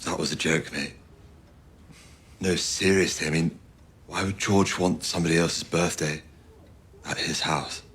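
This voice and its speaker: A man's voice: sits low, steady tone, unhurried, long pauses, fairly bright tone, slight background noise. An actor playing a teasing young British man who mocks his friend with jokes. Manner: mocking, jokey, laughing.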